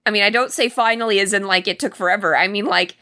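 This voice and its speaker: Bright-voiced woman recapping a movie. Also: mid-range voice. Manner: animated retelling, quick laughs. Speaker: podcast co-host. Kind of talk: casual movie-recap chat.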